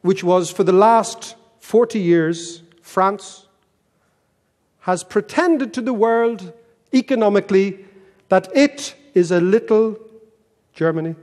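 An Irish man delivers a keynote talk full of stories, wry and self-mocking. His voice sits fairly high for a man. The sound rings with the long reverb of a big hall. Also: slow pace, a little mellow. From Ireland. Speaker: keynote speaker.

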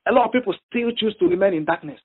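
Male preacher, very high and husky, halting and emphatic, phone-line audio. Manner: halting, repeats himself, emphatic retelling. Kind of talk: sermon over a phone prayer line.

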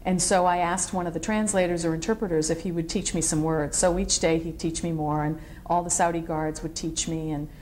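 Her voice on the low side, a middle-aged military veteran talks a little fast with few pauses in an oral history interview, and a slight hiss or hum can be heard. She recalls her service through energetic, rambling stories, voicing other people's lines.

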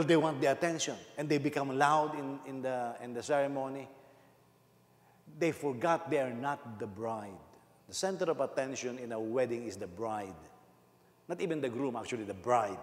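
A man with a Filipino accent preaching a sermon as senior pastor, animated and laughing often. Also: on the high side. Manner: animated, laughing, switching between English and Tagalog. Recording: echoey hall with long reverb.

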